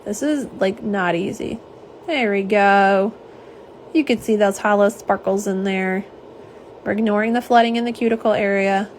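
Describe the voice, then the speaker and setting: Woman, young, mid-pitch, chatty live-stream host; faint noise underneath. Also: normal speed. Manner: chatty and warm, lots of fillers and asides. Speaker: nail polish swatcher. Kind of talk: live-stream chat, reading viewer comments. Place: home office.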